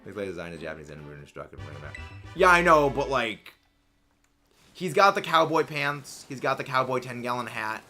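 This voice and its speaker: An excitable young man hosts a livestream at his desk mic, rambling cheerfully and answering chat. His voice is bright and forward. Faint music plays behind him. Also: mid-range voice, moderate pace. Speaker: livestream host. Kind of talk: casual livestream chat, reading chat messages.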